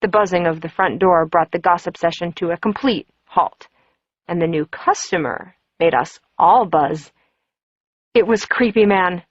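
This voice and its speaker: A woman's voice: fairly low pitch, normal speed, no room sound. Lady reading a novel in first person, wry tone, dull dead-dry sound. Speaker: audiobook narrator. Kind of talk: first-person audiobook narration.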